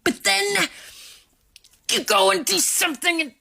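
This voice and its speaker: Slow, scolding woman lecturing her viewers. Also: very high voice, gravelly, sharp tone. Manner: scolding, profane, slow and deliberate. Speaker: vlogger. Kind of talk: social media rant.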